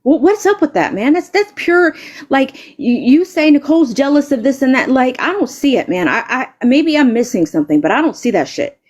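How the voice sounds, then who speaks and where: A woman's voice: sits high, sing-song, normal speed, darkish tone. A woman live streamer delivering an angry, confrontational rant, stammering and repeating words and swearing heavily.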